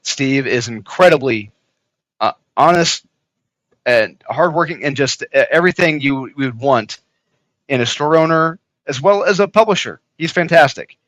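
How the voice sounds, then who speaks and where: A man who creates comics, speaking as a guest in a casual interview, hesitant and full of pauses. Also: on the high side, lively intonation, a bit bright, no room sound, poor audio. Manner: hesitant, lots of "uh" fillers and restarts.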